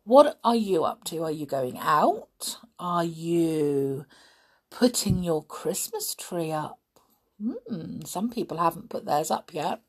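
Slow, low-voiced woman storyteller. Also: expressive. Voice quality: throat-clearing. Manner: gentle, chatty. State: slightly hoarse, frog in throat. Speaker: storyteller for children. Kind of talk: reading a story aloud.

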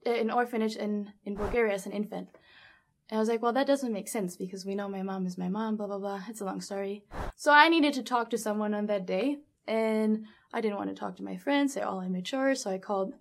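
A young adult woman recounting a personal story in a casual interview, animated, with lots of fillers and quoted dialogue. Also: on the high side. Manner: animated, laughs often, many fillers like 'um' and 'like'; acts out quoted dialogue in her own voice. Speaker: guest telling her story.

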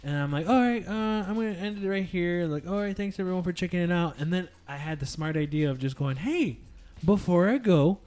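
A man in casual gaming chat, animated and swearing freely as he tells stories from his streams. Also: sits high, brisk, few pauses, soft background music. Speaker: podcast co-host, streamer.

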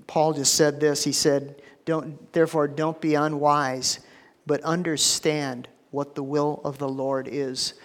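Guy preaching, kinda high voice, chatty and stumbly, big echoey church hall. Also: fairly bright tone. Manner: conversational, repeats words, frequent "you know". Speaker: pastor. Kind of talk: sermon.

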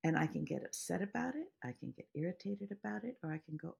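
A woman's voice: on the low side, expressive, fast talker, vocal fry, hardly any pauses, darkish tone, breathy edge. A woman meditation teacher speaking to podcast listeners in an earnest way, explaining ideas through everyday examples and stories.

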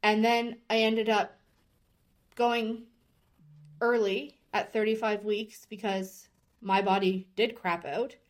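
A woman in her thirties, a podcast guest, candidly telling a personal story with open emotion. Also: mid-range voice. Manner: earnest and openly emotional, speaking candidly.

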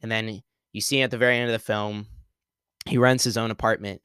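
A man's voice: on the low side, little pitch movement, brisk, fairly bright tone, clean tone, no echo. A young man hosting a podcast alone, rambling through a casual spoiler talk with many fillers and restarts. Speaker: podcast host.

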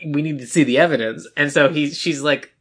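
A man co-hosting a podcast, retelling a movie in a rambling, animated way and acting out its lines. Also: fairly high pitch, a little fast, husky. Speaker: podcast co-host. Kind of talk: casual movie recap chat.

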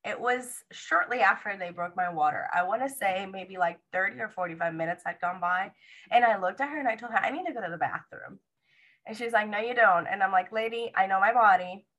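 A woman's voice: medium pitch, fairly quick, lo-fi sound. A young woman tells viewers the story of her labor in a casual, chatty way. She keeps acting out the lines of the nurse, the doctor and herself as she goes. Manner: animated retelling, acts out quoted dialogue. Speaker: mother sharing her birth story.

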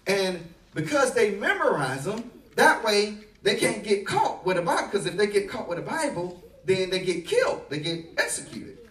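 A man preaching a sermon as pastor, telling a story and building to loud, emphatic delivery. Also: high-pitched, sing-song, moderate pace, reverberant, far from the mic.

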